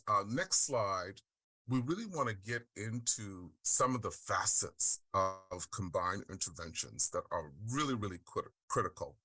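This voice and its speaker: A middle-aged man from the Deep South, speaking on a webinar panel and sharing his personal story in an earnest, heartfelt way. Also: sharp tone, no room sound. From Deep South of the United States. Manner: earnest, heartfelt, with frequent "um" and "right?". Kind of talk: personal testimony and presentation. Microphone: video call.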